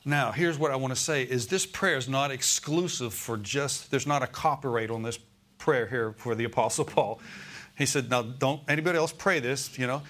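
A man's voice: mid-range voice, moderate pace, fairly bright tone. Emphatic preacher man in church. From United States. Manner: emphatic, repeats key phrases, asks the room for agreement. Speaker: pastor. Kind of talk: sermon. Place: church sanctuary with congregation.

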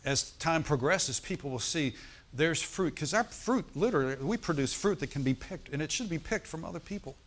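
A man's voice: on the high side, expressive, brisk. Storytelling male preacher. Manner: storytelling, asks the congregation for responses. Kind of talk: sermon.

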